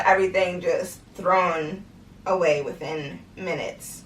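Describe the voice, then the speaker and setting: A woman's voice: mid-range voice, slow pace, recorded from a distance. A young woman vlogger candidly retelling a painful story with lots of "like" and "you know". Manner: candid, animated retelling with many fillers. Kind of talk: personal storytelling vlog. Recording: roomy sound, mic set back.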